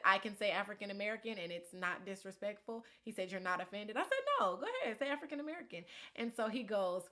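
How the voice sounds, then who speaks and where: A woman in her thirties telling an animated story, laughing often and swinging from quiet asides to loud outbursts. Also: mid-range voice. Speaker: interviewee.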